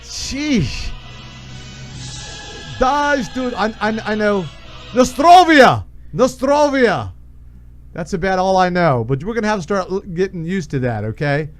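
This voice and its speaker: Joking, slightly higher-voiced male radio host. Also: lively intonation, brisk, hardly any pauses, soft background music. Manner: loose, joking, sings along. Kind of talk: casual talk radio.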